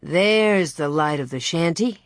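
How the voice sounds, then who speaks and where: A woman reading an audiobook voices a steady, matter-of-fact pioneer father. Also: low-pitched, a little slow, dry recording. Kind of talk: audiobook character voice.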